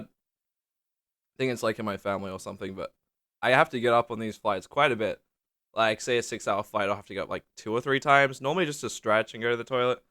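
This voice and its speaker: A man's voice: mid-range voice, sharp tone, no room sound, studio quality. A young man telling rambling, swear-laden travel stories to camera in a casual vlog, leaning hard on "like". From Australia. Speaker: vlogger. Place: small indoor room under a lamp.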